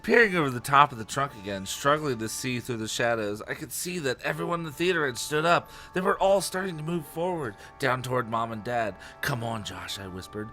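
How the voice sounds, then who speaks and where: A man reading a book aloud on a podcast, laughing often and dropping low for the lines of dialogue. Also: sharp tone. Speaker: podcast host. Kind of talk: casual reading aloud with jokes.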